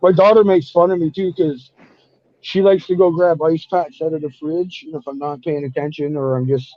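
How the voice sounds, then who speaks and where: A man with a fairly high voice and fairly even intonation tells cold-weather stories at normal speed, swearing heavily as a podcast guest in casual chat. The audio is dull, dry and lo-fi, with no room sound.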